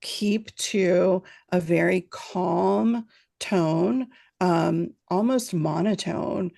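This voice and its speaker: A woman answering interview questions as a parenting expert on a video call, explaining calmly and often checking in with a quick "right?". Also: on the low side, creaky. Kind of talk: interview answers at a virtual summit.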